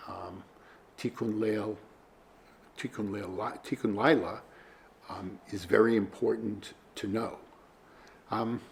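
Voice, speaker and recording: A man teaching a religious study class, speaking in a halting, conversational way with many fillers. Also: on the low side, creaky, slight background noise. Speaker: Torah teacher.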